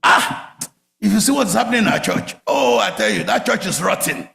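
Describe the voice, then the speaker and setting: A man preaching a sermon, telling stories with big swings from loud outbursts to quiet murmurs. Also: high voice, moderate pace, gravelly. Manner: animated storytelling, swings from shouts to murmurs. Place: church sanctuary. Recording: echoey church hall.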